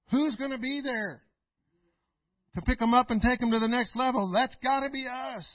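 Man, pastor, sermon, high-pitched, folksy, chuckling, dry muffled recording. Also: dry recording. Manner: folksy, laughs often, swings between loud and quiet.

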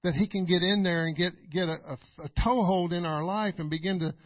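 A man pastor preaching a sermon, emphatic and repetitive, building to loud exclamations. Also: high voice, a little fast, dry recording. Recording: dull, dry lo-fi recording.

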